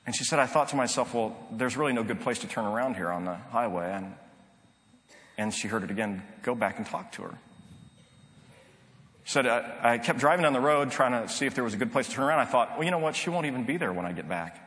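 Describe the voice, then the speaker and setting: A man's voice: mid-range voice, lively intonation, fast talker, fairly bright tone. A middle-aged man preaching a sermon, telling a story in an earnest, conversational way with frequent restarts. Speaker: pastor. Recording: long reverb of a large hall.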